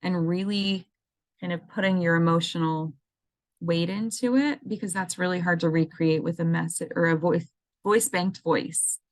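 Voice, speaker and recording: A woman's voice: lowish voice, fairly even intonation, moderate pace, no room sound. A woman presenting an educational webinar, talking casually and explaining things step by step, with frequent ums and restarts, over a computer mic on a video call. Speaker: assistive technology coordinator presenting a seminar.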